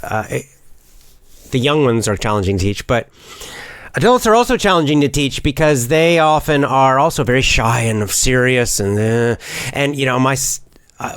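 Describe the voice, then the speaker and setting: A middle-aged man, a teacher and public speaker, talking in a casual, animated way with many fillers and restarts. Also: mid-range voice, no room sound. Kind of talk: casual spoken monologue.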